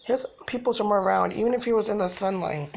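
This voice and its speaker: A woman's voice: medium pitch, fast talker, vocal fry, darkish tone. A woman filming her cats at home, talking to them in coaxing baby talk and laughing often. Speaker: cat owner filming her pets. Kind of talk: casual home video chat. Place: at home, indoors.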